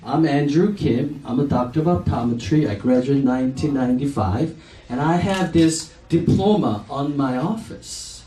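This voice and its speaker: A man's voice: mid-range voice, dark tone. A man in his forties, an eye doctor, telling a chatty story to an audience, laughing often and acting out what people said. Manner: slow, chatty, laughs often, acts out dialogue. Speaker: optometrist speaking at a company event. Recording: echoey hall from far off, faint noise.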